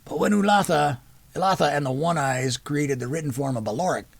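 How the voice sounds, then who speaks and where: A man's voice: a little high, a little fast, creaky, no room sound, voice pushed up. A man voicing a patient older brother, a soldier, who explains pronunciation like a tutor. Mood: patient, teaching.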